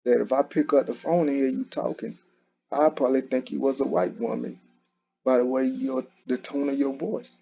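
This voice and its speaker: Man, gravelly, casual solo commentary, restarts a lot, lo-fi dull recording. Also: medium pitch, steady tone, moderate pace, mellow. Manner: conversational, repetitive, with frequent restarts and "you know". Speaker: commentary channel host.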